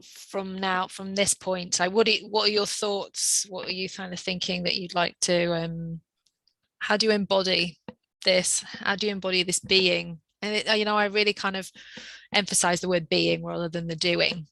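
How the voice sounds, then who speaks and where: A woman's voice: lowish voice, steady tone, normal speed, creaky, sharp tone, no room sound, rough recording. A woman working as a life coach, who asks probing questions and answers with short, encouraging affirmations. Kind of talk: coaching conversation.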